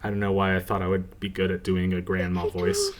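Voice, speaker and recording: A woman hosting a let's play, giving casual, rambling commentary with quiet, self-mocking asides. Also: extremely low pitch, flat delivery, brisk.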